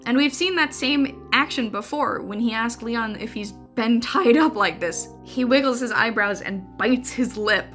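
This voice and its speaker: A young woman reads her own video essay script with a bright, clear voice. She keeps it wry and conversational, dropping dry jokes between points, with faint music under her. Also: fairly high pitch, measured pace, few pauses.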